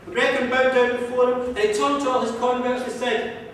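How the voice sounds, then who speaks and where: A man spins an old folk tale with a lilting, rhythmic telling. His voice sits high for a man and rings out in a museum hall with a long echo, picked up from far back. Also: little pitch movement, brisk, a bit bright, slight background noise. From Ireland. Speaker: storyteller. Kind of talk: live folk storytelling.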